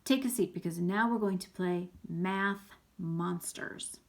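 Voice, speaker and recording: Woman doing a lively cheerful male teacher. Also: sits high, unhurried. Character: cheerful male schoolteacher, playful, theatrical.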